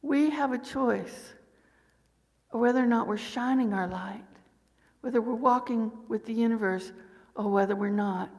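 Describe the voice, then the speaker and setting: A woman's voice: fairly high pitch, a little slow, long pauses. A middle-aged woman minister giving a conversational sermon, asking her congregation one question after another. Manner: warm conversational preaching with rhetorical questions. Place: church sanctuary. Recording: long hall reverb.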